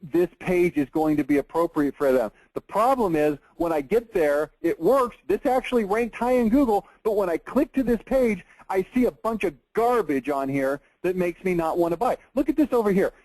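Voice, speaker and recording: A man's voice: high-pitched, animated, normal speed, hardly any pauses, darkish tone, no echo, low-quality recording. A man, giving a blunt, emphatic marketing webinar with an exasperated edge. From Texas. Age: 40s. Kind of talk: webinar presentation over screen share.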